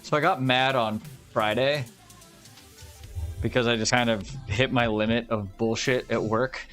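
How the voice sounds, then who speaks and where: A young man streams and talks casually, telling profane, ranting stories about his week. His voice sits in a middle pitch. Faint music plays under him. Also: unhurried. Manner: profane, ranting, animated storytelling. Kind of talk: casual chat.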